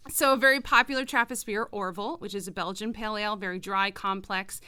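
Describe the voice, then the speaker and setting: A woman's voice: medium pitch, steady tone, fast talker, bright, forceful tone, smooth, no echo. A woman co-hosting a casual podcast, explaining beer styles from her notes with chatty asides. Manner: informative, reads notes with asides. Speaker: podcast co-host presenting a beer segment. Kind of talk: casual podcast chat, semi-scripted explainer.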